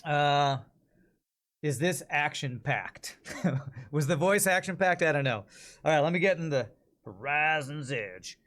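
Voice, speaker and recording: A male streamer talks casually on a live stream, working through voice-over takes. He thinks out loud, often trails off, and keeps asking his viewers what they think. His speaking voice sits a little high for a man. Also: lively intonation, a little slow. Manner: chatty, thinks out loud and asks chat for feedback.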